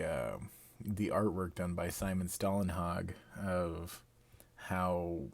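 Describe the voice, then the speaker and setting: A man with a fairly low voice, talking live on a stream. He rambles through a long theory in a loose, casual way, loses his place now and then, and swears and laughs at himself. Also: darkish tone.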